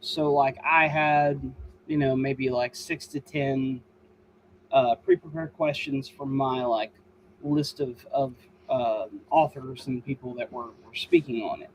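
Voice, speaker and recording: A man who is an author and host, chatting casually and telling stories with lively, exaggerated mimicry. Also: unhurried, a little hiss or hum, poor audio. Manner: animated storyteller, mimics voices with high-pitched exaggeration. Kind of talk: casual podcast chat.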